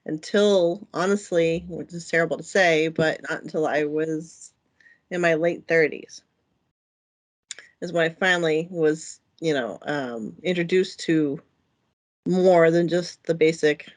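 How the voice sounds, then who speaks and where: A woman's voice: sits low, steady tone, measured pace. A middle-aged woman who is a guest on a casual podcast. She speaks candidly and giggles often between her thoughts, talking into a podcast mic. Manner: candid, giggly, frequent laughter. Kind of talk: casual chat.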